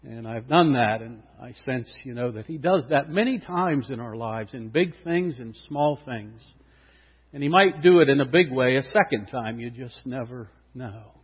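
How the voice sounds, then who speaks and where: A male pastor preaching a sermon, emphatic, swinging between loud and hushed delivery. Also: medium pitch, expressive, moderate pace, slightly rough. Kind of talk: sermon with scripture reading. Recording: reverberant hall, dull lo-fi sound.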